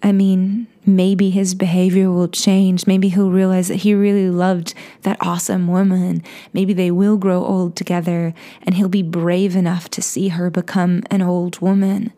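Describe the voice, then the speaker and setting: A woman telling a personal story in a soft, confessional way, often dropping into a whisper and restarting her sentences. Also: on the low side, level tone, a little slow, few pauses. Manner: frequent restarts and stammers.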